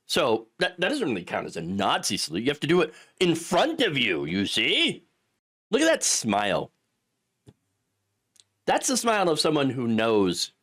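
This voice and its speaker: Male host, political commentary, lively pitch, sarcastic and mocking delivery.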